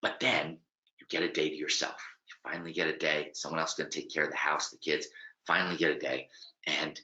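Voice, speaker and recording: A man's voice: a bass voice, fairly even intonation, a little fast, sharp tone. A man with an American accent giving a webinar lesson, speaking directly and animatedly to the listener. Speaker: presenter. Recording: roomy, slightly dull webinar audio.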